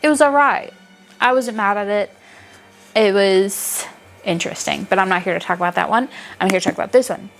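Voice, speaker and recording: A woman's voice: mid-range voice, brisk, gravelly. Young woman hyped about her faves, swears a lot, faint music behind. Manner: animated, gushing, swears casually. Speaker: book reviewer. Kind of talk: casual chat.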